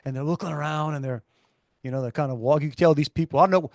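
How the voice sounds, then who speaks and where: A man's voice: on the high side, quick pace, no room sound, studio quality. A middle-aged man with a South Louisiana accent, co-hosting a podcast and telling stories with many restarts. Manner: storytelling, animated, many restarts. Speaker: podcast co-host. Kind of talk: casual chat.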